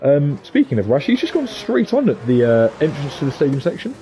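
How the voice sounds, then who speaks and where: A man with a Scouse accent commentating a sim racing league, excitable and jokey. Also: a little fast, a little hiss or hum. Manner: excitable and jokey, pitch leaping on big moments. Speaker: race commentator.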